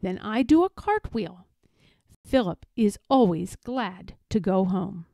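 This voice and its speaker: A woman reading a children's picture book aloud in a playful, expressive, emphatic way. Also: mid-range voice, slow, vocal fry, no echo. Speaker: read-aloud narrator.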